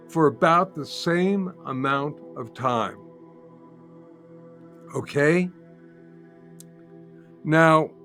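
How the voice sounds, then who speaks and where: A calm older man gently walks the listener through a humming exercise, repeating each step and humming notes to show how it's done. His voice sits a little high for a man, and soft music plays faintly behind him. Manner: calm, patient, repeats steps and demonstrates by humming. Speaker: sound healing teacher, guest. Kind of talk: guided instruction in an interview.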